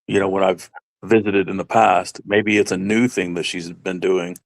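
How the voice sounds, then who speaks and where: A man co-hosting a casual live-stream chat, rambling and halting with many fillers and restarts. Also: low voice, little pitch movement, gravelly. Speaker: stream co-host.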